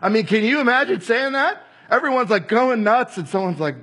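A man preaching a sermon, animated, acting out crowd voices and shouting at times. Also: extremely high pitch, fairly quick, hardly any pauses, breathy edge.

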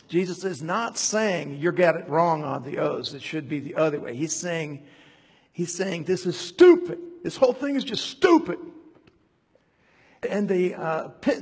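A man with a husky, slightly high voice preaches in a casual, conversational way, wandering off on tangents and restarting his sentences. His voice rings out with a long reverb, as though he is in a large hall. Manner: animated, digressive, with many fillers and restarts. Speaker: preacher teaching a Bible study. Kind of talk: conversational sermon.

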